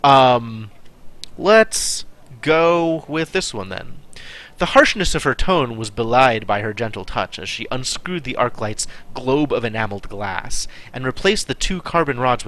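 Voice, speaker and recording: A man's voice: mid-range voice, fairly bright tone. A man streaming a text adventure game, reading the story aloud and adding wry, chatty asides. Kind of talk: live game play with narration.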